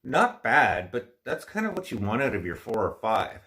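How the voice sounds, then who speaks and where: A man's voice: mid-range voice, very animated, moderate pace, pushed and bright. A man hosting a casual livestream chat, talking in a rambling, opinionated, frustrated way, with a stuffy nose from allergies. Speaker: livestream host.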